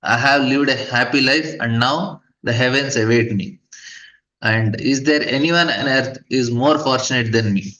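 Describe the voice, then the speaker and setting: A fallen king, full of pride, who rails and boasts even in defeat, as a man reads his words aloud in a scripture class. The recording is dull and lo-fi. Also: mid-range voice, unhurried. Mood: boastful. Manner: indignant, boastful retelling. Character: proud defeated male king, defiant and boastful.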